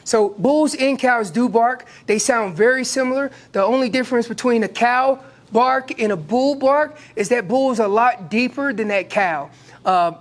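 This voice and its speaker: A man with an American accent teaching an elk calling seminar, lively and acting out what the elk would say. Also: very high voice. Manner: animated, acts out elk calls and voices. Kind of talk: hunting seminar talk.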